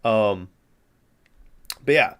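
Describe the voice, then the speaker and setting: A man's voice: lowish voice, extremely slow, a bit bright, smooth. A man hosting a podcast, recapping a movie in a rambling, profane, amused way. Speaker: podcast host.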